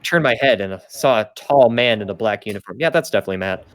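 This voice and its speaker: A young man hosts a podcast where he reads fanfiction aloud for comedy, stumbling, correcting himself, and tossing in laughing asides. His voice is lowish, animated, and quick.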